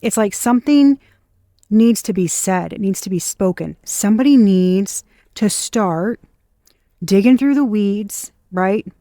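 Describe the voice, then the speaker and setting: A woman's voice: mid-range voice, unhurried, mellow, no room sound, clean studio sound. A woman doing a casual tarot reading to camera, blunt and scornful, swearing freely. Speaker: tarot reader.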